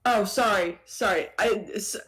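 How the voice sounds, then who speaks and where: A woman's voice: medium pitch, a little slow, a bit bright. Woman player, mid voice, stumbles and restarts a lot. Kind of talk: casual tabletop role-play.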